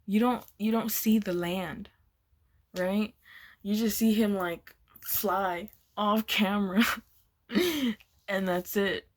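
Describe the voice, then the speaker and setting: A woman's voice: mid-range voice, takes it slowly, pauses often. A young woman vlogger telling a casual storytime, laughing often and swearing as she rambles. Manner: giggly, swears a lot, loose and rambling.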